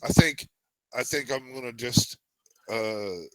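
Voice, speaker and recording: A man's voice: medium pitch, slow pace, dry recording. A man playing in a tabletop game, chatting casually and rambling through his plans. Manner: rambling, full of fillers. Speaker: player.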